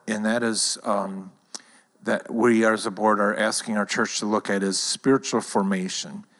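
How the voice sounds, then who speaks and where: Guy from church leadership chatting to the congregation, lowish voice, long echo off the hall. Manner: conversational, personal storytelling.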